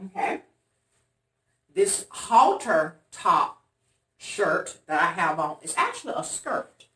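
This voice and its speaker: A woman's voice: on the low side, slow pace. A woman vlogger telling a long story to her viewers in a casual, dramatic way, acting out the voices of the people in it. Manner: animated, dramatic retelling with loud quoted voices. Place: room in an apartment. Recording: echoey room, voice off-mic.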